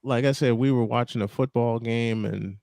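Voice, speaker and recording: A man's voice: medium pitch, fairly even intonation, normal speed, gravelly, darkish tone, no echo. Laughing man telling studio stories. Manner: laughing, storytelling, repeats himself. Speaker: show host. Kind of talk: casual podcast chat.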